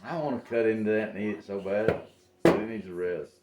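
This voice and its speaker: A man chatting casually in his home kitchen, blunt and profane and quick to poke fun at himself. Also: on the low side, echoey room, dull audio, heavy background noise. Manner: blunt, profane, self-mocking. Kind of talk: casual home cooking chat.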